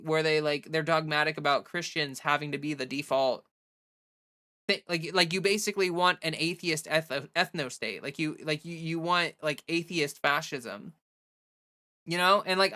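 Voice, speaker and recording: A woman hosting a casual livestream, talking animatedly with lots of fillers and restarts as she rants and reads chat. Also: low-pitched. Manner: animated, heavy use of "like", frequent restarts. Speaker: livestream host.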